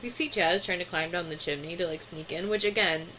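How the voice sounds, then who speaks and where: A woman's voice: on the low side, fairly quick, bright, forceful tone, a little hiss or hum, poor audio. A young adult woman giving a casual, chatty recap of a cartoon episode, full of fillers and small laughs.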